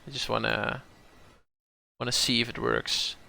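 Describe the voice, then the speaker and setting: A man's voice: mid-range voice, flat delivery, a little slow, vocal fry, bright, forceful tone, no echo. A man from the southern Netherlands with a Dutch accent, thinking aloud as he plays and streams a card game, often repeating words as he corrects himself.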